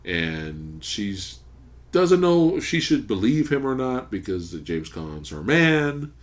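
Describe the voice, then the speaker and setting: A man hosting a podcast, casually recapping a movie plot as an animated storyteller who swears freely. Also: on the low side, slow pace. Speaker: podcast host. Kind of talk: casual movie review chat. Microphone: studio podcast mic.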